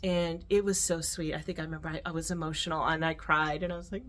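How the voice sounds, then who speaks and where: A middle-aged American woman with a slightly low voice tells a personal story to the camera. She talks earnestly and with feeling, pausing to restart her sentences and filling gaps with little "uh"s and "you know"s. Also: a bit bright. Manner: earnest, emotional, with restarts and fillers. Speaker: vlogger.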